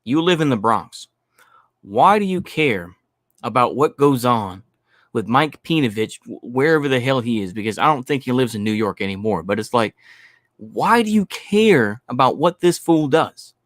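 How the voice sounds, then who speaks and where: A man's voice: medium pitch, very animated, moderate pace, dry recording, studio quality. A man hosting a stream, ranting bluntly and profanely in commentary, repeating his points. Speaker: stream host.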